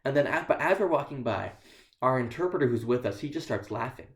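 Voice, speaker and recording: A man's voice: mid-range voice, animated, quick pace. A man speaking as a visiting missionary in church, telling stories with dry, self-deprecating humor. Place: church sanctuary. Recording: echoey church room.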